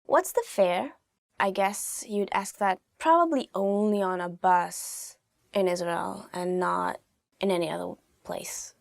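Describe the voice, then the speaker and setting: A woman's voice: mid-range voice, moderate pace, gravelly, dry recording. Chatty woman teaching phrases, dry sound. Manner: chatty, explains each phrase with personal asides. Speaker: language teacher. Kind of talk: casual phrase lesson.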